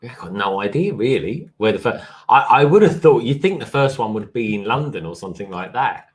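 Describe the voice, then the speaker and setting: A man's voice: mid-range voice, lively intonation, brisk, slight background noise. Guy chatting on a live stream, bouncy up-and-down voice, bit hesitant. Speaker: co-host guest. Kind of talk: casual livestream chat.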